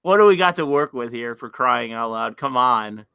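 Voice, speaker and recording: A man's voice: mid-range voice, lively intonation, normal speed, vocal fry, bright, forceful tone, clean tone, dry recording, clean studio sound. A man hosting a casual live stream, talking to chat in a profane, exasperated way and laughing often.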